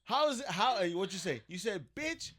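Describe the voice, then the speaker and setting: A man co-hosts a podcast and tells a story with animated, profane energy and frequent laughter. His voice sits slightly high. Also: a little fast. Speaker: podcast co-host. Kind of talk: casual storytelling.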